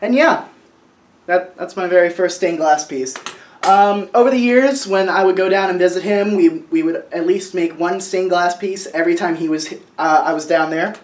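A man's voice: sits high, normal speed, slight background noise. A man in his twenties, vlogging casually at home, who talks in a rambling, sentimental way with lots of fillers and restarts. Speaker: vlogger showing family artwork. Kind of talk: casual show-and-tell vlog. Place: at home, indoors.

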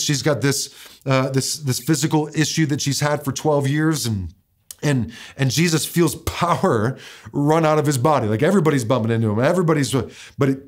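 Man, pastor, conversational sermon, casual delivery, repeats words, slows for emphasis, mid-pitched voice. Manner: casual, repeats words and restarts often, slows down to stress quoted verses.

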